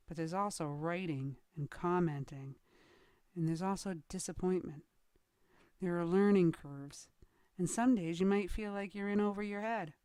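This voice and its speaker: A woman's voice: lowish voice, a little mellow, dry recording, clean studio sound. A woman coaching on online business in a dramatic motivational talk. She acts out quoted voices and drops into whispers for emphasis.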